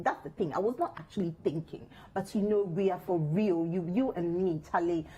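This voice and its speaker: A woman's voice: on the low side, moderate pace, few pauses, dark tone, breathy edge. A Ghanaian woman co-hosting a relationship advice show in a studio, giving teasing, playful counsel.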